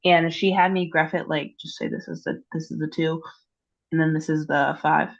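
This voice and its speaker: A woman's voice: deep voice, steady tone, normal speed, highs cut off. A teenage girl asking her tutor about a math problem over a call, congested and hesitant, full of "like". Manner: hesitant, many "like" fillers. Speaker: student. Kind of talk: casual tutoring session.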